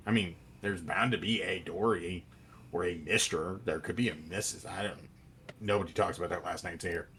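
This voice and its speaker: A man's voice: low-pitched, fairly even intonation, moderate pace, fairly bright tone, slight background noise. A man narrating as game master of a tabletop game, improvising loosely with restarts and asides.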